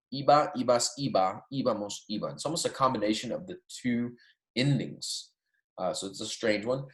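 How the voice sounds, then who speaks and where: A man's voice: mid-range voice, normal speed. A man, a Spanish teacher, giving a recorded lecture and walking through verb endings, often checking in with "right?" and "okay?". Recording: echoey room.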